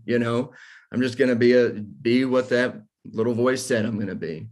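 A man's voice: medium pitch, normal speed, a little mellow. A man in his forties hosting a casual faith discussion, talking candidly and self-deprecatingly about his own struggles. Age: 40s.

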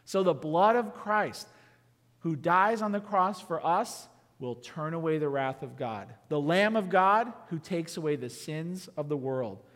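A man's voice: a little high, expressive, a little slow, a bit bright. A man preaching a sermon as pastor, emphatic, with many rhetorical questions. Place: church sanctuary. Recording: long church reverb.

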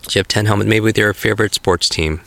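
A man guiding a memory exercise in an upbeat, encouraging way and telling lively stories. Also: on the low side, fast, no echo. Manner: energetic, encouraging, animated storytelling. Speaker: memory coach guest.

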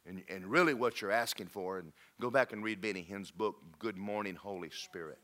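A man preaching a sermon in a church, telling stories and swinging from loud emphatic peaks to low quiet lines. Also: a little fast. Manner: storytelling, rising to emphatic peaks then dropping low.

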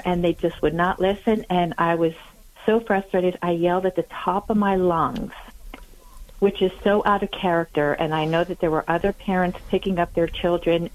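Radio caller, woman, earnest and self-critical, rambling, a little low. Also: muffled recording. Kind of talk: phoning in to a radio show.

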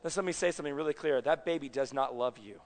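A man preaching a sermon in a chatty, animated way, often checking that his audience is following along, in a church sanctuary. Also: mid-range voice, quick pace, long reverb tail. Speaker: pastor.

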